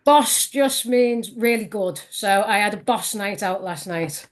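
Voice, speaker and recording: A woman from Liverpool with a soft Scouse accent, chatting easily as an interview guest in a sing-songy way with plenty of fillers. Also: mid-range voice, measured pace. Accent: soft south Liverpool Scouse. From Liverpool, England. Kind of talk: casual interview chat.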